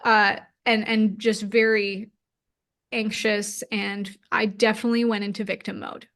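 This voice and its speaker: Her voice sits in the mid range, a bit bright, with little pitch movement and an unhurried pace. She's a woman in her thirties being interviewed, recounting something personal with open emotion and frequent "like" fillers.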